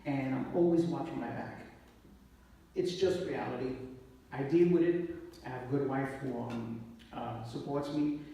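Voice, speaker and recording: A man's voice: mid-range voice, creaky, dark tone. Emotional New man in echoey hall. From the Bronx, New York. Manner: emotional, apologetic, rapid bursts. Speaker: police officer on a panel. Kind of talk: live Q&A panel talk. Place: event hall. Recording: echoey hall, distant mic, faint hiss.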